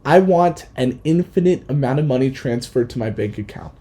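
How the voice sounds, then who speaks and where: A man's voice: medium pitch, expressive, moderate pace, warm tone, lightly acted. A man voicing a blunt, greedy stranded adventurer. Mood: pleading. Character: desperate, greedy male adventurer stranded in desert. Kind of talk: comedic storytelling with put-on voices.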